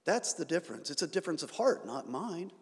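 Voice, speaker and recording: Pastor, man, sermon delivery, slightly high voice, long church reverb, emphatic builds. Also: big pitch swings, brisk. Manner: rising emphatic delivery with sarcasm. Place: church sanctuary.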